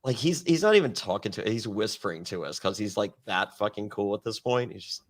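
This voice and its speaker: Lively, swearing male podcast host. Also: on the low side, a little fast. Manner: lively, swears freely, mimics people. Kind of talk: casual recap chat.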